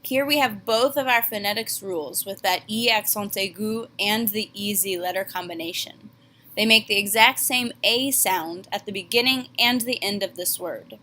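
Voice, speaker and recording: A woman French teacher giving a classroom lesson, slowly modeling each phrase. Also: mid-range voice, pushed and bright, a little hiss or hum.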